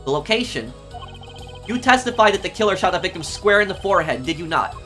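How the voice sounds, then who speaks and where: A man's voice: high-pitched, very animated, fast, sharp tone, faint music behind, exaggerated voice. A man reading a nervous young defense attorney. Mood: earnest.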